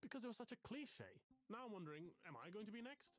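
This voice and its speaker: Florid, self-pitying English professor. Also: male voice, high-pitched, animated, fast. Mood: brooding. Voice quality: florid, theatrical way of talking. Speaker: therapy client. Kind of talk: video game voice acting.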